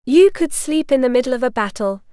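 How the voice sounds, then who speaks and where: A woman's voice: high-pitched, animated, a little fast, dark tone, clear, resonant tone, dry recording. A woman voicing an arrogant male warrior lord who speaks dryly and curtly. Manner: dry, curt.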